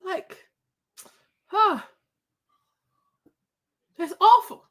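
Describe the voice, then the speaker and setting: Tearful high-voiced woman vlogger. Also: animated, normal speed. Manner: emotional, repeats phrases, tearful at times. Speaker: vlog host. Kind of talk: emotional political commentary vlog.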